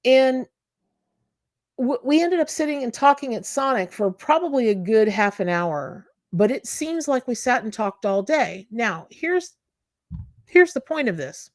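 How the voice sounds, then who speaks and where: Recorded in studio quality with no room sound, a woman with a slightly high voice speaks a little slowly but with animation. A tarot reader hosting her own channel, she delivers a casual, emphatic spiritual talk directly to viewers, repeating words for stress.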